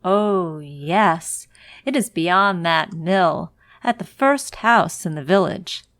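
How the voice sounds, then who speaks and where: An innocent little girl answers earnestly in a storybook, as a woman puts her on. She sounds trusting and a little lifted, slow, and dry in the recording. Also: fairly low pitch, lively intonation, fairly bright tone, dry recording. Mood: cheerful. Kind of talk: storybook read-aloud.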